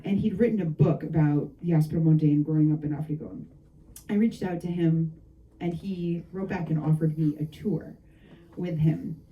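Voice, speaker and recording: A woman novelist telling anecdotes about her book at a bookshop event, lively and laughing often between asides. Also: low-pitched, moderate pace, recorded from a distance, phone-quality sound, a little hiss or hum. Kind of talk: storytelling talk at a book event.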